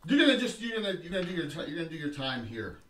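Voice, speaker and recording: A man narrating as game master of a tabletop role-playing session. His pitch jumps around lively and sits a touch high. He talks loosely, joking and restarting his lines. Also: rapid-fire.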